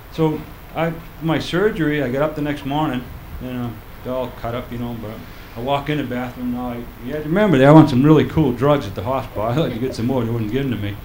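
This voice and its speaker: An older man performing a stand-up comedy set on a club stage, telling stories in a deadpan way and acting out the quotes. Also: mid-range voice, a little hiss or hum. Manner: deadpan storytelling with acted-out quotes. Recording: roomy live club recording.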